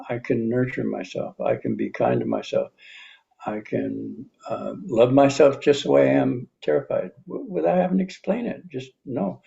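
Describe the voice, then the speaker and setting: A man in his seventies giving a reflective teaching talk, unhurried, pausing often and repeating calm self-affirmations. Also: fairly low pitch, gravelly, muffled recording. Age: 70s. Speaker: speaker on personal healing.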